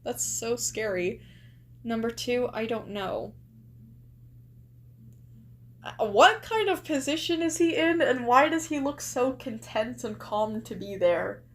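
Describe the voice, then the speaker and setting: A woman's voice: on the high side, big pitch swings, a little slow, slight background noise. A young woman streamer chatting casually as she reacts, gushing and asking lots of rhetorical questions. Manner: chatty, exclaims and gushes, many likes and rhetorical questions.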